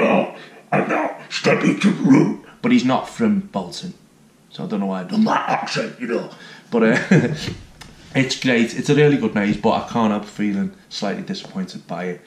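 Chatty man, roomy sound. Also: mid-range voice. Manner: enthusiastic, chatty. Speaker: theme park reviewer. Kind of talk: casual vlog review. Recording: roomy echo.

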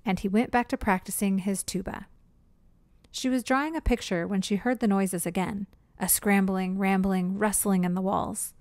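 Storybook reader, woman, expressive; dry close sound. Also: mid-range voice, moderate pace, dry recording. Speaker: read-aloud narrator. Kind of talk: children's storybook reading.

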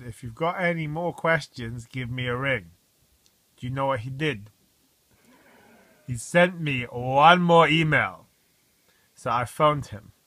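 A man casually vlogging at home, telling rambling stories in a wry, often quiet way. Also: medium pitch, no echo. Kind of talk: casual diet vlog.

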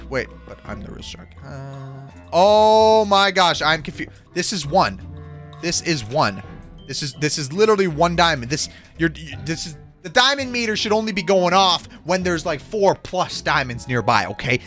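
Brief: young male gaming host, high-ish and animated, jokey reactions. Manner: excitable, jokey, quick reactions. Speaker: gaming YouTuber. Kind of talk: Minecraft gameplay commentary. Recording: faint music behind the voice.

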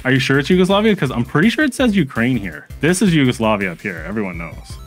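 Lively, chatty man streaming a strategy game. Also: medium pitch, fast, soft background music. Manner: chatty, reacts to chat, frequent fillers and restarts. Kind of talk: casual gameplay commentary.

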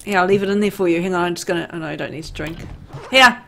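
A woman's voice: lowish voice, racing, vocal fry, fairly bright tone, slight background noise. A woman hosting a casual gaming session, chatty and giggly as she thinks aloud while looting. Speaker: let's play host.

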